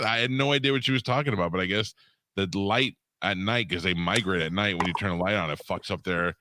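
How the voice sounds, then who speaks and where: A man's voice: fairly low pitch, fast, sharp tone, a little hiss or hum. A man co-hosting a podcast in casual chat, laid-back and profane, laughing easily. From lives in Florida. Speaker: podcast co-host.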